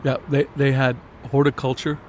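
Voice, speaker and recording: A man's voice: medium pitch, level tone, normal speed, a little mellow. Chatty fifties male guest, a storyteller who hops between anecdotes over faint traffic outside. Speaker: guest, guitarist. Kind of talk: casual conversation. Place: outdoor restaurant patio at night.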